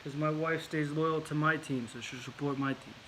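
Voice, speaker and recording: Bright man faking an English accent. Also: a little high, steady tone, normal speed, a little hiss or hum, rough recording. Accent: put-on English accent. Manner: rambling, with frequent fillers and repeated words. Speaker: vlogger. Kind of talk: casual storytelling monologue.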